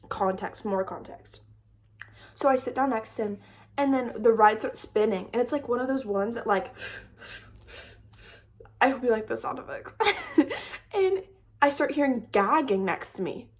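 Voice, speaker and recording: A young woman telling a storytime vlog story in a chatty, animated way, full of "like". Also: fairly high pitch. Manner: chatty, lots of "like", animated retelling. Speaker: storytime creator. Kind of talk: casual storytime chat.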